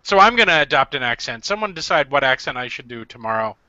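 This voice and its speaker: A man's voice: medium pitch, big pitch swings, pushed and bright, no room sound. A man hosting a casual comedy podcast, joking and laughing often. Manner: joking, laughs often, quick jokey asides. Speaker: podcast host. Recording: dull lo-fi sound.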